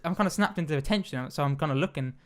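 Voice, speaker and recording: Young male host, casual chatty storyteller, full of restarts, speaks fast. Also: on the high side. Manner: rambling, stammering restarts, swears freely. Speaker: podcast host.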